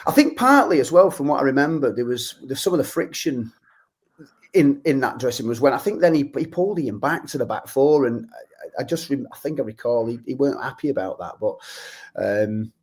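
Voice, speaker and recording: Man, 40s, podcast guest, halting rambling storyteller. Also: medium pitch, animated, slightly rough. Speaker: guest, former youth player and musician. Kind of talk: casual chat.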